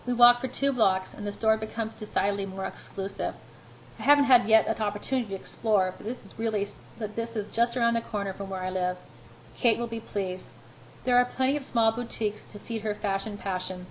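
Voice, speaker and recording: A woman's voice: medium pitch, fairly even intonation, fairly quick, slight background noise, low-quality recording. A woman narrating an amateur audiobook in the first person, earnest, with occasional stumbles.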